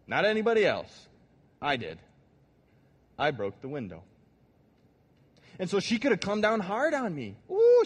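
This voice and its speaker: Guy preaching, lively up-and-down voice, a bit high, big echoey hall. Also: husky. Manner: animated storytelling, addresses audience directly. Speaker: pastor. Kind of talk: sermon. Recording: long hall reverb.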